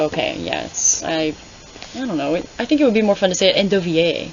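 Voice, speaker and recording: A woman's voice: lowish voice, very animated, a little fast, a little hiss or hum. A woman giving casual, sarcastic, exasperated commentary as she reads along, rambling into asides. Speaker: booktuber reading along. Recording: slightly dull lo-fi audio.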